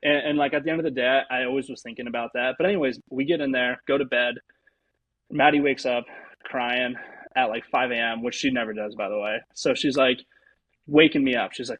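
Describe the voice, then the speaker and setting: A young man, a pro baseball pitcher, telling a personal story as an interview guest, rambling with lots of fillers. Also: steady tone, brisk, a bit bright, dry recording, low-quality recording.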